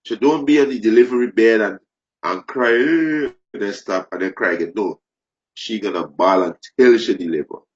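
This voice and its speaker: A man preaching fervently, repeating phrases, restarting sentences and rising into loud emphasis. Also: lowish voice, fairly quick. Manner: repetitive, stumbling restarts, rising to shouted emphasis. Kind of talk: impassioned preaching. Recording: dull lo-fi recording.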